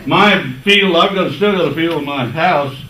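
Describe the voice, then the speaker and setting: A man's voice: on the high side, normal speed. A man in his eighties giving a rambling, folksy public comment at a county board meeting, restarting his sentences as he goes. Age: 80s. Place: meeting room. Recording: echoey room, distant mic, noisy.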